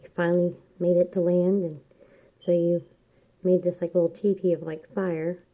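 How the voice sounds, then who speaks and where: A woman giving a casual, rambling tarot reading, chatty and quick to laugh. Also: on the low side, little pitch movement, lo-fi sound. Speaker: tarot reader.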